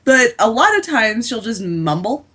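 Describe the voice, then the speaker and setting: A woman's voice: on the high side, very animated, normal speed, fairly bright tone, slightly rough. A young adult woman co-hosting a podcast, chatty and often laughing as she tells stories. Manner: chatty, laughing, acts out others' voices. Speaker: podcast co-host. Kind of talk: casual chat.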